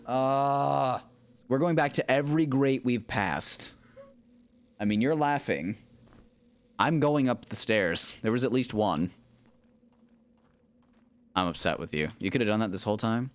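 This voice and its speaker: In an unhurried, medium-pitched voice with a clean tone and long pauses, a man gives laid-back livestream commentary. He plays a game with his wife, teasing playfully, narrating his own moves and humming silly ditties.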